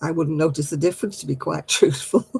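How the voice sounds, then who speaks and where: A woman's voice: low-pitched, brisk, creaky, darkish tone, husky, low-quality recording. A woman, chatting casually with viewers on a craft livestream, laughing often and dropping homely exclamations. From northern England.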